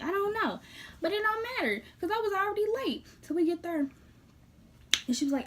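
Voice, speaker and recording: A woman with a fairly high voice tells a story straight to her viewers in a casual vlog. She talks bluntly and with lots of energy. She swings from loud outbursts down to low, half-whispered asides, with a faint hum of room sound behind her. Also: big pitch swings, quick pace. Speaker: vlogger telling a personal story.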